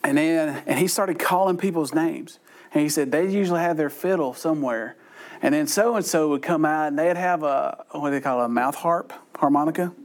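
Speaking at a normal speed, a middle-aged man runs a Bible study with a light, joking touch. For a man his voice sits high, and his loose, conversational talk is dotted with dry, self-mocking asides.

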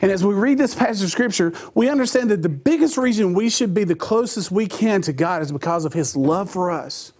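A man's voice: high voice, expressive, a little fast, hardly any pauses, darkish tone, breathy edge. A man preaching a sermon, telling a funny personal story and laughing at his own jokes.

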